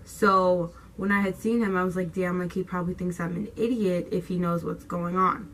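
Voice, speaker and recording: A woman's voice: on the low side, normal speed, a little hiss or hum, rough recording. A young woman vlogger telling a storytime tale in slangy, casual talk, swearing freely and acting out what people said. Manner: animated, slangy, swears freely, acts out quotes.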